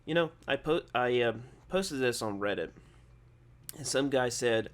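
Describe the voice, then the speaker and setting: A man's voice: medium pitch, expressive, a little slow. A young adult man hosting a gaming channel, giving casual video game commentary in a rambling, digressive way, often correcting himself and partly reading from his own post.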